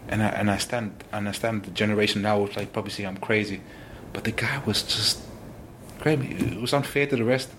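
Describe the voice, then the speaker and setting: Ex footballer guy chatting in an interview, lively, keeps going "oh my goodness", bit of background hiss. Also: fairly low pitch, brisk. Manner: animated, exclaims often, restarts sentences. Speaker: interview guest, former footballer. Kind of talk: casual interview storytelling.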